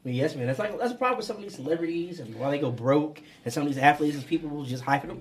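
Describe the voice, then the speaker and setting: Upbeat male host, high and lively, a touch off-mic. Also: rapid-fire, distant mic. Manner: lively, excitable, laughs easily. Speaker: podcast host. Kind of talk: casual chat. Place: podcast studio.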